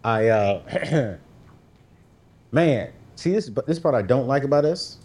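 A man's voice: medium pitch, animated, slow, darkish tone. A man speaking as a guest, telling a personal faith story in a casual, slangy way and acting out his own quoted lines with big jumps in his voice. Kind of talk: animated storytelling testimony.

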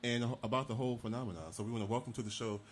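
A man's voice: medium pitch, fairly even intonation, very fast, slight background noise. A man hosting a talk show, chatting casually and introducing a guest in an easygoing manner. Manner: easygoing, affirming listener.

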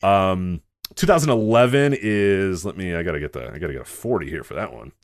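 Fast-talking low-voiced man, laughing rundown. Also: expressive, dry recording. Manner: rapid, laughing, profane rundown of wrestling history. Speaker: podcast co-host. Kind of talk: casual chat.

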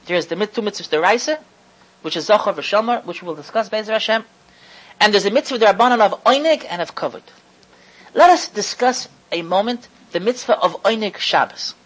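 A woman teaching a religious lecture to an audience, stressing key words slowly and often restarting phrases as she thinks aloud. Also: mid-range voice, lively intonation, husky, poor audio. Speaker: Torah lecturer.

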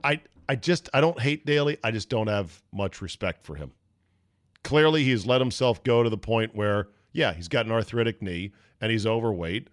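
A man hosting a sports talk show, delivering a blunt, sarcastic monologue and mocking people with quick put-on quotes. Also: lowish voice, no echo, clean studio sound.

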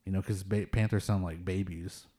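Relaxed man telling a ghost story. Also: sits low, normal speed, slightly rough. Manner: relaxed, rambling with many "like" fillers, laughs at tense moments. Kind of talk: casual storytelling of ghost encounters.

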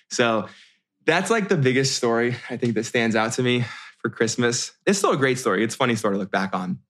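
Thirtysomething american guy telling a story, chatty and animated, lots of restarts, medium pitch. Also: brisk. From United States. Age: 30s. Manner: animated, many restarts and fillers. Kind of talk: casual storytelling.

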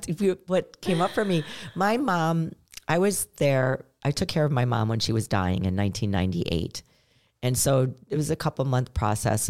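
A middle-aged woman co-hosting a podcast, telling a personal story in an earnest, conversational way and acting out the lines she quotes. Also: extremely low pitch. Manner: earnest, storytelling, animated when quoting. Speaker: podcast co-host. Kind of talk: casual chat.

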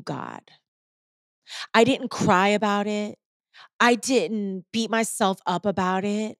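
Animated, salty keynote storyteller woman. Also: medium pitch, no room sound, studio quality. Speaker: keynote speaker. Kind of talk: storytelling talk.

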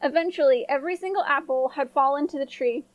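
A woman storyteller hosting a podcast, reading a fairy tale gently and clearly. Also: high voice, fast talker, no echo, muffled recording. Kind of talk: scripted storybook narration.

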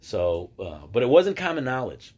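A man's voice: mid-range voice, wildly swooping pitch, normal speed, darkish tone, breathy edge. Man telling stories in a casual podcast. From United States. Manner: conversational storytelling, acting out quoted voices; frequent restarts and filler words. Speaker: podcast host. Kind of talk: casual solo podcast monologue.

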